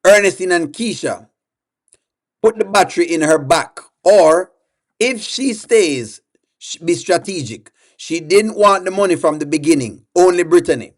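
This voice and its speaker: A man's voice: high-pitched, lively intonation, measured pace. A man hosting a live-stream reaction show, chatting and putting questions to his viewers while reading their comments aloud.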